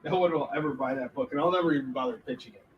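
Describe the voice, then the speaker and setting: A man's voice: mid-range voice, very fast, lo-fi sound. A man, a comic book artist, rambling and joking through a casual livestream Q&A. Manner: joking, rambling, laughs often. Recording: distant mic, faint background noise.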